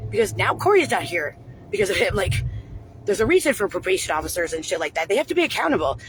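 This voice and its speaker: A woman's voice: mid-range voice, sing-song, fast, faint music behind. A woman talking unscripted on a livestream, rambling and agitated, with frequent swearing. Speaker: livestream host.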